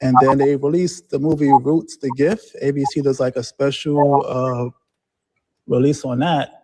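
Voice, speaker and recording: A man's voice: medium pitch, fairly even intonation, measured pace, mellow. A man calling in to a talk show, rambling on with many fillers. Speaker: caller. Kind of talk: casual phone-in chat.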